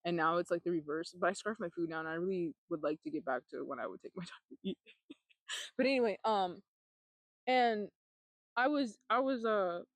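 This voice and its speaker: A woman's voice: lowish voice, dry recording. Rambling young woman recounting her past. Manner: rambling, halting, frequent fillers and swearing. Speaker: vlogger. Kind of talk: personal testimony storytelling.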